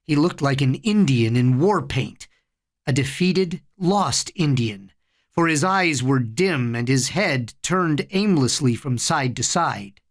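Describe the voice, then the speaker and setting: A storyteller giving a slow, dramatic reading of horror fiction. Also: mid-range voice, expressive.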